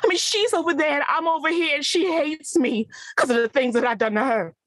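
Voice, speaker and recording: A woman's voice: sits high, brisk, fairly bright tone, no room sound, voice pushed up, poor audio. A woman performing a dramatic monologue as a grown daughter wounded by her mother's love, pleading and rising into anguish. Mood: bitter.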